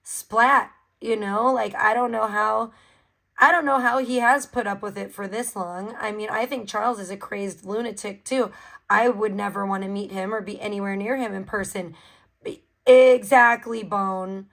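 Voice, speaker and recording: A woman's voice: medium pitch, fairly even intonation, moderate pace, gravelly, sharp tone, poor audio. A woman hosting a livestream, giving blunt, profane, mocking commentary in a casual ranting style.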